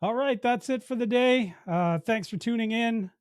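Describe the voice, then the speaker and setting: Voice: medium pitch, normal speed, clean tone, dry recording, studio quality. A podcast host in casual chat, telling jokes and signing off in an easygoing way. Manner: easygoing, joking, signs off the show.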